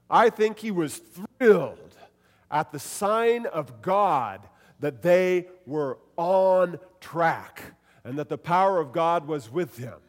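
Pastor guy preaching, animated, acts out the quotes, highish voice, big echoey church hall. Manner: animated preaching, acting out quoted lines with shifts in pitch and loudness. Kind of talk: sermon.

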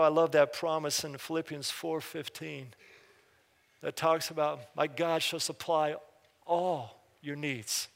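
A man preaching a sermon as pastor, reading scripture slowly and swinging from loud urgent bursts to hushed emphasis. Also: on the high side. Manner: reads scripture slowly and deliberately. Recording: live hall reverb.

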